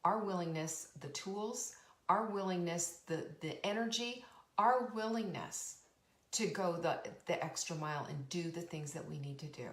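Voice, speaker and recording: Woman coach giving an earnest pep talk, repeats herself for emphasis, roomy echo. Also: fairly low pitch. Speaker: podcast host and coach. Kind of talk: motivational talk.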